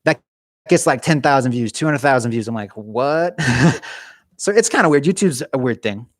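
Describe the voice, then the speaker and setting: Young man, live-stream chat, animated and chatty, mid pitch, dry close sound. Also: moderate pace, no room sound. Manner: casual, animated, talks with his hands; chatty with frequent restarts. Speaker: YouTube gaming channel host.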